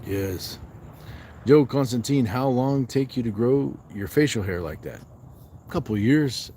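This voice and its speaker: A man's voice: on the low side, a little mellow, slight background noise. A man hosting a fitness livestream, chatting casually outdoors at night while resting on a walk and reading viewer comments aloud.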